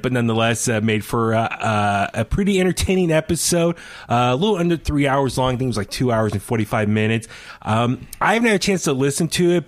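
Rambling male podcast host. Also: mid-range voice. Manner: rambling, many fillers and restarts, laughs often. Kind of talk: casual chat.

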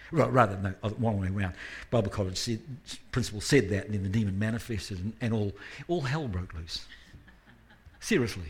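Delivering a sermon during a church service, this guest preacher has a lowish, husky voice with a touch of breathiness. He talks conversationally, slips in self-deprecating remarks, and lifts his voice for emphasis.

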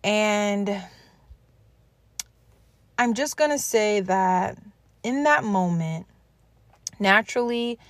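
A woman's voice: medium pitch, lively intonation, drawn-out words, pauses often, no echo. A woman hosting a motivational podcast, talking to listeners directly in an earnest, encouraging way. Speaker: podcast host.

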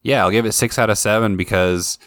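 Male podcast host, very low voice, laid-back, dry close recording. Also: fairly quick, no echo. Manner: relaxed, swears casually, runs the ratings. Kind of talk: casual chat.

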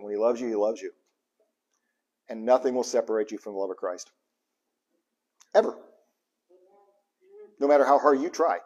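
A pastor preaching a live sermon with passion, dropping to a hush and then bursting out loud, chuckling between points and repeating lines for emphasis. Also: male voice, on the high side, breathy edge. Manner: impassioned preaching, swings from hushed to loud bursts.

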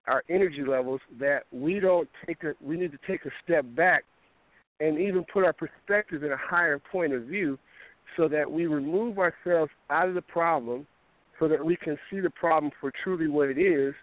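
Guy coach talkin casually, kinda high voice, stumbles and repeats words, tinny dry phone sound. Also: normal speed, no echo. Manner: rambling, repeats words when starting sentences; tells stories with quoted back-and-forth. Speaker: fitness coach. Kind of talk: casual podcast talk.

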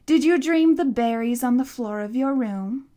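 A woman voicing an ancient, towering male tree monster in an audiobook, speaking slowly, gravely and with command. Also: a little high, mellow, close to an everyday voice. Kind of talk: audiobook character reading.

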